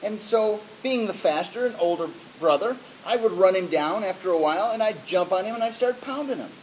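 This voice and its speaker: A man's voice: high-pitched, lively intonation, fairly quick, a little hiss or hum, rough recording. A man preaching a sermon in a conversational way, with frequent fillers and restarts. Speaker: pastor.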